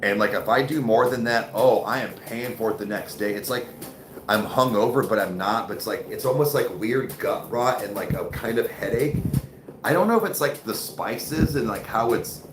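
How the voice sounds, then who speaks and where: A man's voice: on the low side, normal speed, reverberant, background noise. A man hosting a livestream, chatting casually with viewers in a loose, profane way full of "like", "dude" and "bro". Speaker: livestream host. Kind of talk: casual chat reading viewer comments.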